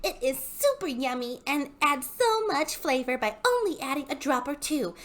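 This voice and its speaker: A woman's voice: high-pitched, very animated, normal speed, a bit bright, pitched above the performer's own voice. A woman voicing a peppy female MLM seller as she reads the seller's posts aloud in an upbeat, salesy way. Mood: chirpy.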